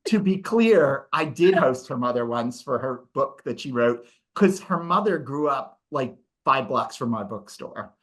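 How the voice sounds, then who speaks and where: A man's voice: medium pitch, animated, measured pace, hardly any pauses, fairly bright tone. A man hosting as a bookstore owner, asking questions in a loose, rambling way with restarts. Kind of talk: casual chat.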